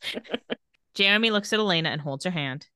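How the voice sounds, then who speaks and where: A woman co-hosting a laid-back recap podcast, walking through each scene and reading quotes without much colour. Her voice sits a little low. The sound is dry and close, with no room around it. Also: a little fast, clean tone, dry recording. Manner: retells scenes and reads quotes in a flat voice. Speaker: podcast co-host. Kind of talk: casual recap chat.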